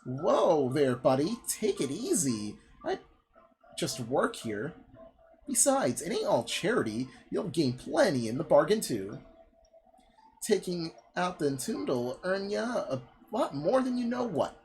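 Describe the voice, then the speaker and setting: A woman's voice: deep voice, very animated, a little mellow, pitched above the performer's own voice, heavily acted, poor audio. Woman putting on a hammy fake-French merchant. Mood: dramatic. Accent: put-on stereotyped French. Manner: slow, drawn-out, hammy line reading. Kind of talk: reading game dialogue aloud in a voice.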